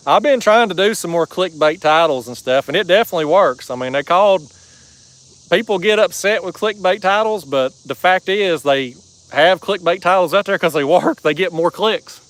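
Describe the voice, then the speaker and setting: A man's voice: on the high side, fairly bright tone, dry recording, poor audio. A man hosting a fishing livestream from a kayak, chatting casually and reading out viewer comments in a folksy drawl. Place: kayak on a river outdoors.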